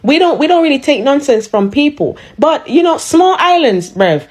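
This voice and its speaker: A woman rants in a sassy, sarcastic social-media style, roasting people one line after another. Her voice sits a little higher than most women's. She talks into her phone. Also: very animated, normal speed. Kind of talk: casual mocking rant.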